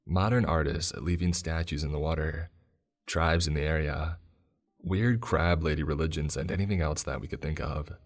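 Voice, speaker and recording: Very deep-voiced man narrating horror. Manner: steady, measured storytelling. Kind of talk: scripted narration.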